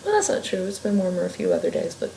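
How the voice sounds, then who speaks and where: A woman's voice: mid-range voice, sing-song, fast, gravelly, mellow. A woman from Ohio, a fiction writer, talking casually in a rambling, sidetracked way and swearing freely. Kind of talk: casual vlog chat. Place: home room. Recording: echoey room with faint ambient noise.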